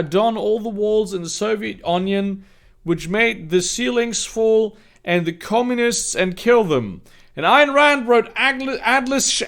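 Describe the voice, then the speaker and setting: Guy reading awful fanfic out loud, sarcastic, high voice that jumps all over. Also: creaky. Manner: sarcastic, incredulous asides. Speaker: comedic reader of fan fiction. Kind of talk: mocking dramatic reading with commentary.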